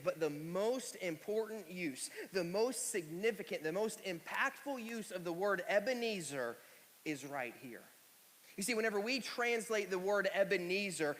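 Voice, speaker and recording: A man preaching a sermon, emphatic and repeating phrases, slowing down to stress key words. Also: high voice, a bit bright. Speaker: pastor. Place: church sanctuary. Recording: long reverb of a church hall.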